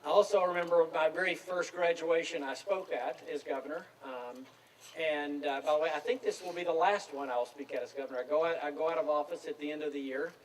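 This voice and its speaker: A man's voice: on the high side, brisk, slight background noise. A man of around 60, speaking outdoors at a graduation and telling self-deprecating stories in an easygoing way. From Tennessee, USA. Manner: relaxed, anecdotal, self-deprecating storytelling. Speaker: commencement speaker. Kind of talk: outdoor commencement speech. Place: outdoor field at a graduation ceremony. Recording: distant speech with faint outdoor ambience.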